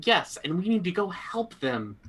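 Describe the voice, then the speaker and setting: Man, bright tense voice, lively pitch, in-character tabletop dialogue, urgent. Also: normal speed. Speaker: tabletop player.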